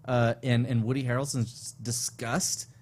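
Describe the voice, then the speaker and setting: Young male co-host, average pitch, loose rambling chat, lots of restarts. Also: little pitch movement, moderate pace, darkish tone. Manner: rambling, many restarts and fillers. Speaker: podcast co-host. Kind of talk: casual chat.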